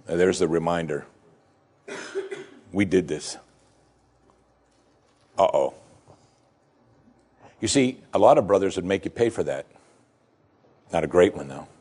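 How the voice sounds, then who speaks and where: A man preaching a sermon who tells the story dramatically, swinging from hushed to excited, and repeats key lines for emphasis. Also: low-pitched, breathy edge.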